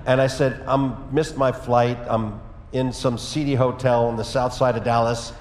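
A man preaching a sermon as pastor, telling a personal story in a conversational way with lively asides. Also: mid-range voice, normal speed, slight background noise. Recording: echoey hall with long reverb.

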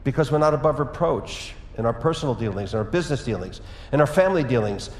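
A man preaching a sermon as pastor, telling a personal story in a conversational way with lively asides. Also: medium pitch, fast talker, slight background noise. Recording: echoey hall with long reverb.

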